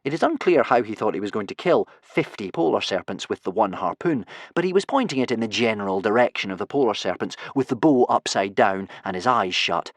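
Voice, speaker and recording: A man reading a children's adventure audiobook with expressive storytelling. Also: lowish voice, fairly quick, hardly any pauses, no echo. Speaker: audiobook narrator. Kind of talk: scripted narration.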